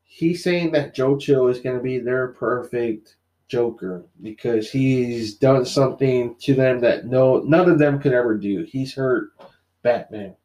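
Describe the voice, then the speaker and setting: In a relaxed podcast chat, a male co-host retells a comic story, animatedly voicing the characters' lines and leaning on many filler words. His pitch is medium and his delivery a little slow.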